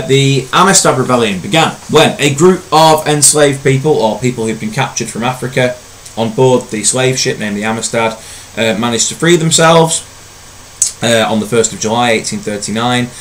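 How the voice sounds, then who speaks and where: A man teaching a recorded history lesson in a relaxed, conversational way, with frequent ums and uhs. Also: fairly low pitch, slight background noise, low-quality recording.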